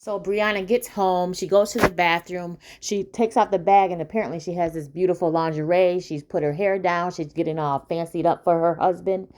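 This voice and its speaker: A woman's voice: lowish voice, fairly even intonation, moderate pace, few pauses, a little mellow, a little hiss or hum. A woman casually recapping a TV episode, chatty, with many fillers and asides to her viewers.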